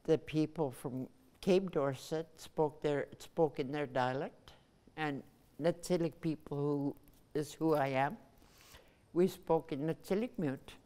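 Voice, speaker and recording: An older woman from Nunavut, Canada, whose first language is Inuktitut, shares a personal recollection. Her voice is low and mellow, and she speaks slowly and in a measured way, pausing between phrases.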